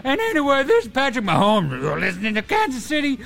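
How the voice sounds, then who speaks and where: A man doing an impression of an excited, gushing quarterback. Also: quick pace, vocal fry, heavily acted. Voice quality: loud and excited, high-pitched. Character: cheery pro quarterback man, gushing and upbeat.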